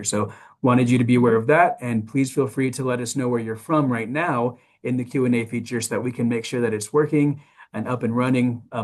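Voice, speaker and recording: A man moderating a webinar over a video call, giving housekeeping announcements in an upbeat, encouraging, conversational way. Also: mid-range voice.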